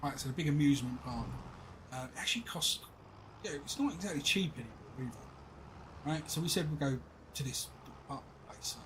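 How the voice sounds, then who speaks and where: A man's voice: on the high side, lively intonation, a little fast, background noise. A middle-aged English man, streaming a game and chatting casually, rambling through exasperated stories with laughs. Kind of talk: casual chat while gaming.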